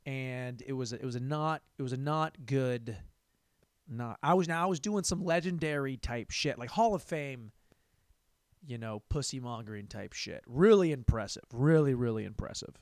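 A man's voice: mid-range voice, normal speed, darkish tone, no echo, clean studio sound. A young man hosting a comedy podcast, telling a crude, rambling story and repeating words for laughs.

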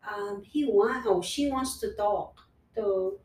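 Slow-spoken earnest woman in an echoey room. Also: mid-range voice, a little mellow, far from the mic. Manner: earnest, repetitive, restarts phrases. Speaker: guest sharing personal story. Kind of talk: casual conversation. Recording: echoey room, voice set back from the mic.

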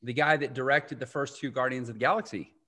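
A man's voice: mid-range voice, steady tone, quick pace, sharp tone. A man hosting a podcast interview, telling rambling anecdotes with frequent self-interruptions. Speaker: podcast host. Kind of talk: casual conversational interview.

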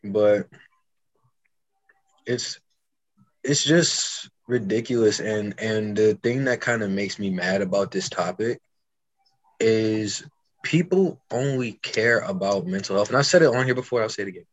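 A young man co-hosting a podcast, telling stories in casual chat with fast bursts and frequent restarts. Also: lowish voice. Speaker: podcast co-host.

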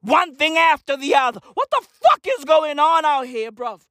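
A comedian delivering a manic, profane rant that swings between shouting and muttering. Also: sits high, normal speed, slight background noise.

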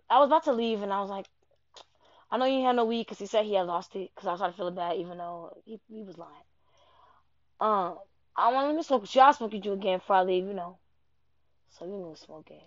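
A young woman telling a rambling, profane personal story in an animated way. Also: mid-range voice, no room sound. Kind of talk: casual personal anecdote. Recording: dull lo-fi dry recording.

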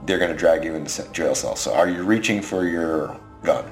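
Low-voiced male game master, rambling casual narration, faint music under. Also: a little fast. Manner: loose, rambling, restarting narration.

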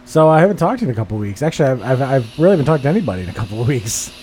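A man's voice: mid-range voice, big pitch swings, racing, warm tone, slight background noise. A man hosting a podcast, teasing, profane and chatty in casual banter. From Boston area. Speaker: podcast host.

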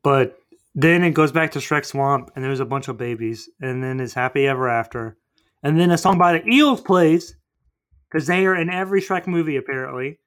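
A man's voice: mid-range voice, normal speed. A man casually retelling a movie plot on a podcast, rambling and acting out the characters. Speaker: podcast co-host. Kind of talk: casual movie recap chat.

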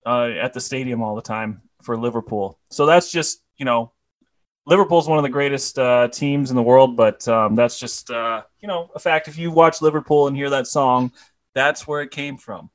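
A man's voice: mid-range voice, normal speed. A man co-hosting a comedy podcast, laughing often and hesitating with fillers in casual chat. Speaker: podcast co-host.

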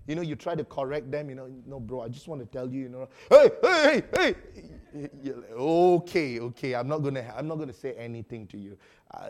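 A male pastor preaching a sermon in an animated way, acting out quotes with sudden loud outbursts. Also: mid-range voice.

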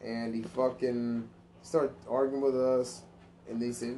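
A man on a podcast telling crude stories in casual chat, often jumping into high mocking voices to act out others. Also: flat delivery, takes it slowly, warm tone, slight background noise. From Sicilian and Irish family background.

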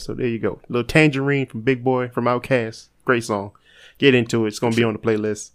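A man's voice: medium pitch, steady tone, quick pace. A man talks in casual podcast banter. His tone is laid-back and he teases his co-hosts. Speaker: podcast co-host.

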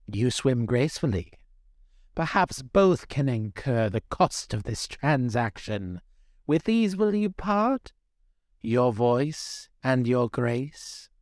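A man's voice: medium pitch, very animated, slow pace, no room sound, clean studio sound. A man voicing a cruel old female sea witch, scornful and menacing in her speech. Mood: demanding.

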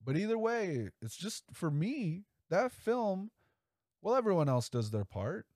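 A man's voice: high-pitched, sing-song, unhurried, darkish tone, no room sound, clean studio sound. A man hosting a casual solo podcast, rambling and enthusiastic, with frequent swearing. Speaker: podcast host.

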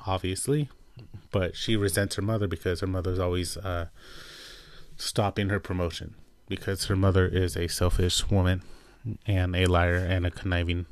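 A man casually recapping a TV episode, chatty and full of fillers, acting out characters' lines in quick voices. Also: low-pitched, clean tone, dry recording. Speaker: show reviewer.

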